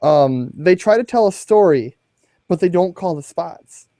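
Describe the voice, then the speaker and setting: A man's voice: high-pitched, lively intonation, unhurried, dark tone, no room sound. A man co-hosting a podcast in casual chat, chiming in with short reactions. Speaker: podcast co-host.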